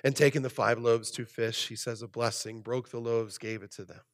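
A man preaching a sermon as pastor, animated, swinging between loud emphasis and soft, low asides. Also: moderate pace, in a large hall.

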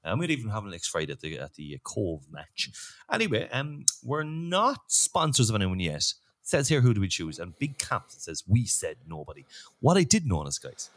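A man's voice: on the low side, moderate pace. A man hosting a football podcast in casual, joking chat. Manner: jokey, loose and lively. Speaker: podcast host.

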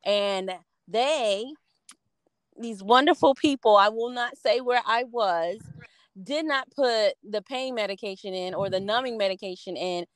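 A woman, chatting casually and telling stories with lively acted-out quotes. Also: medium pitch, measured pace, no echo, studio quality. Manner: animated storyteller, acts out quotes. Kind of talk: casual chat.

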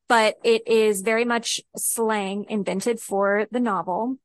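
Excitable higher-voiced woman co-host. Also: slow, no echo. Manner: excitable, exclaiming, heavy use of 'like'. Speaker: podcast co-host. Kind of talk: casual podcast chat.

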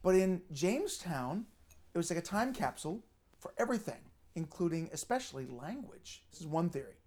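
A woman's voice: lowish voice, very animated, brisk, mellow. A woman co-hosting a casual beer podcast, explaining a theory at length in a chatty lecturing way. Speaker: podcast co-host. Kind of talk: casual chat over beer.

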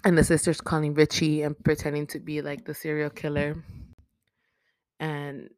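Woman, low voice, dry close sound, swearing, rambling movie recap. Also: completely flat delivery, moderate pace, darkish tone, dry recording. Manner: profane, rambling, laughing. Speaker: podcast host.

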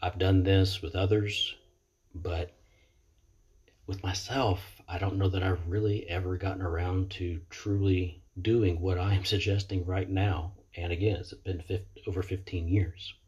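Over dull audio from a computer webcam mic, a man in recovery shares his story in an earnest, reflective motivational talk. His voice is low, level, a little mellow and husky, at a measured pace, and he often stops to repeat himself.

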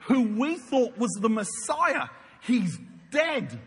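A man's voice: very high voice, huge pitch swings, takes it slowly, a bit bright, husky, full character voice. A man preaching, voicing mopey, downcast travellers with droopy, mournful whining. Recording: long hall reverb.

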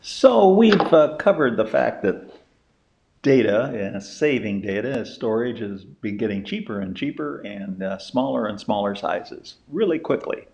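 An older man teaching a casual spoken lesson in a folksy, rambling way, pausing often and asking rhetorical questions. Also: fairly low pitch, expressive, creaky, a little mellow, lo-fi sound, slight background noise. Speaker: teacher of a lesson on big data.

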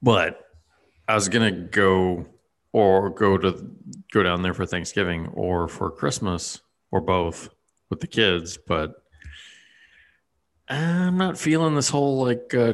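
A man in casual chat, rambling with lots of fillers and restarts. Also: on the low side.

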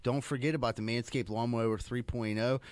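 A man's voice: mid-range voice, fairly even intonation, brisk, clean tone. A man co-hosting a podcast, chatting in a laid-back, casual way and reading an ad spot. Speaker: podcast co-host. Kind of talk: casual chat.

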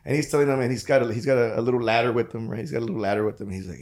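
A man's voice: medium pitch, fairly even intonation, rapid-fire, hardly any pauses, a little mellow, a little hiss or hum. A tipsy man telling a long, profane joke in casual chat, rambling along. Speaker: podcast guest.

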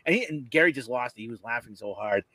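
Animated laughing storyteller man. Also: medium pitch, quick pace, dry recording. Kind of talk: casual chat.

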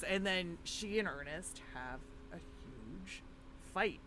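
Podcast co-host, woman, casual storyteller with an animated, swinging delivery. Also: fairly low pitch, slow pace, a little hiss or hum. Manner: chatty, animated retelling with frequent fillers and laughs. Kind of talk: casual chat recapping a film.

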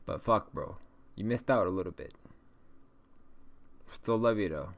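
A man with a deep, low voice hosts a casual podcast, reacting to a film as it plays. He swears freely and talks loosely and chattily to his listeners. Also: a little slow, vocal fry. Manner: laid-back, profane, chatty. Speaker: podcast host. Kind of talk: casual movie watch-along commentary.

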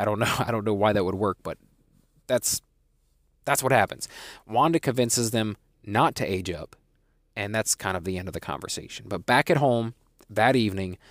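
Male podcast host, chatty recap delivery with restarts, slightly low pitch, dead-dry recording. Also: no room sound. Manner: chatty, with frequent restarts and asides. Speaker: podcast host reviewing a TV episode. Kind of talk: casual episode recap.

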